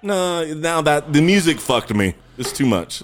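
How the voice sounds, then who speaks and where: A man's voice: fairly high pitch, sing-song, unhurried, soft background music. A man co-hosting a podcast, rambling and swearing, often breaking into laughter during crude banter with friends. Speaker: podcast co-host.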